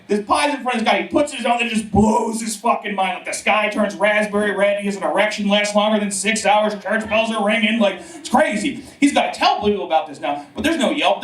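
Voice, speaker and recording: A man doing a stand-up comedy set in a club, telling a profane, animated story with mock old-timey voices, audience laughing behind. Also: sits high. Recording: roomy club audio from far mic.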